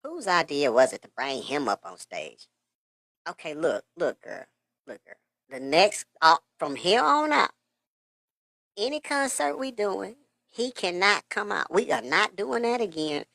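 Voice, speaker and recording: A man's voice: high voice, very animated, a little slow, gravelly, pushed and bright, no echo, exaggerated voice. A man voicing a fed-up woman singer who scolds and gossips backstage. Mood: annoyed.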